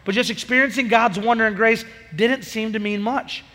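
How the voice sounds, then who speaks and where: A man preaching a sermon as a youth pastor, energetic and conversational, acting out bits of dialogue. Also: sits high, moderate pace, in a large hall.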